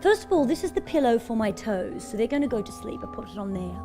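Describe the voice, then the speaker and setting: A woman presenting a children's show in a fairy character, telling a story in an animated, sing-song way and talking straight to the children. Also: on the high side, fast, soft background music.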